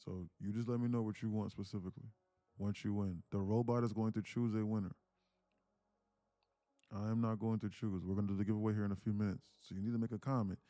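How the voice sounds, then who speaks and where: A man with a low, mellow voice runs a casual live trading stream, chatting loosely and looping back over his own words. His voice is dry and close, with faint music in the background. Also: fairly even intonation, fast, no room sound. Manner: loose, repetitive, restarts phrases while reading chat. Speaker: livestream trading host.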